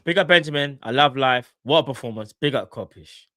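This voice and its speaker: A young man hosting a casual live fan stream, shouting out viewers in slangy talk. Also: medium pitch, a little fast, no room sound, studio quality. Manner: slangy, animated, shouting out chat members.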